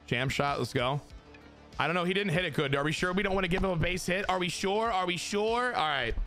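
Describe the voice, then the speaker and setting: A man giving casual, excitable commentary on his own baseball video game play, talking to his chat and swearing. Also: on the high side, fast talker, faint music behind. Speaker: gaming streamer.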